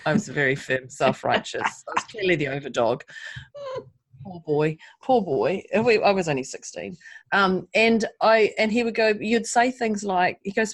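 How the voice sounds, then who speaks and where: A woman's voice: lowish voice, lively intonation, moderate pace, breathy edge. A woman co-hosting a podcast, telling stories frankly and with animation in casual chat. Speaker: podcast co-host.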